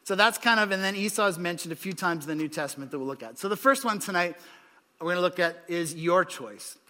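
A man's voice: high voice, quick pace, sharp tone. A man preaching an evening sermon in a church hall, talking in a casual, conversational way with frequent restarts and "right?" asides. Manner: conversational, with repeated restarts and tag questions. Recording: long hall reverb.

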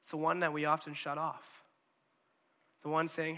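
Male preacher, fairly high bright voice, casual animated sermon, hall reverb. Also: normal speed. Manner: conversational, animated, checks in with "okay?" and "right?".

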